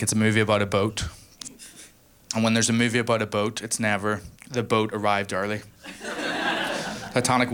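Brash Northern Irish stand-up comic. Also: male voice, lowish voice, background noise. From Northern Ireland. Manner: brash, teasing the crowd. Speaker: stand-up comedian. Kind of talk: stand-up comedy set. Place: small live comedy room.

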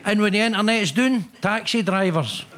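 Jokey Scottish man, high voice. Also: moderate pace, heavy background noise. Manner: jokey storytelling, laughs through lines. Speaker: panel show contestant.

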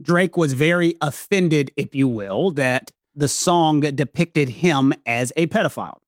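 A man, a guest expert, explaining a legal case at length in a relaxed way. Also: on the high side, a little slow, no echo, clean studio sound. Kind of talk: explanatory conversation.

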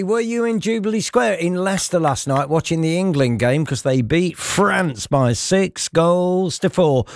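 A man's voice: high voice, no echo. A man hosting a chatty local breakfast radio show in a studio, joking and reading out listeners' messages. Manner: jokey, reads out listeners' messages. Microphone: studio microphone.

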